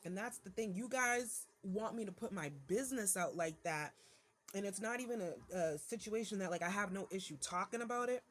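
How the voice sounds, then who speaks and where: A woman's voice: medium pitch, moderate pace, a bit bright, a little hiss or hum. A mother venting to her viewers in a casual monologue, irritated and ranting, with many fillers and restarts.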